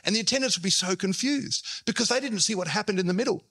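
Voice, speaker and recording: A man's voice: high-pitched, fast, pushed and bright, slightly rough. A man preaching a sermon as pastor, telling the story and acting out the quotes in shifting voices.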